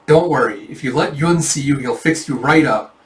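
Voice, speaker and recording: Man reading as a calm, caring companion. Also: medium pitch, moderate pace, close to an everyday voice. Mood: reassuring. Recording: roomy, mic at a distance.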